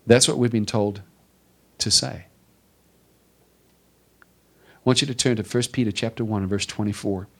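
A male pastor preaching a sermon to his congregation, building with repeated emphatic phrases and dropping to quiet stresses. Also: lowish voice. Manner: preaching with rising emphatic repetition.

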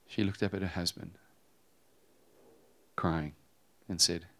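A man preaching a sermon, telling a personal story with animated swings between loud emphasis and hushed tones. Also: low-pitched, slow pace. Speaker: pastor.

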